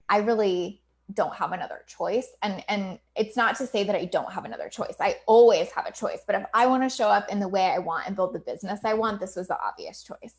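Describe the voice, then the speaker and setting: A woman in her thirties talks openly to her community on a livestream, the way a business coach would. Her speech is loose and chatty, full of likes and ums. She laughs often and swears without hesitating. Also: medium pitch. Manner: filler-heavy with many likes and ums.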